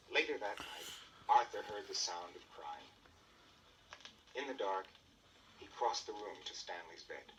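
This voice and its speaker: A man narrating a children's storybook record with expressive storytelling. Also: low-pitched, unhurried, long pauses, far from the mic, a little hiss or hum, poor audio.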